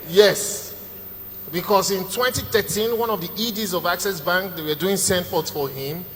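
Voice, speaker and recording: A man's voice: sits high, normal speed, slight background noise. A middle-aged man with a Nigerian accent doing a live stand-up set, telling stories with Pidgin asides and acting out the people he quotes. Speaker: stand-up comedian. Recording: echoey hall, faint ambience.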